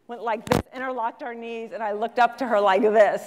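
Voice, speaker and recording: A middle-aged woman speaking at a conference, telling a story to an audience in a lively way and acting out the voices of the people in it. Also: fairly high pitch, a little fast, background noise. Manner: animated, acts out quoted voices. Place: large conference hall. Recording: long hall reverb.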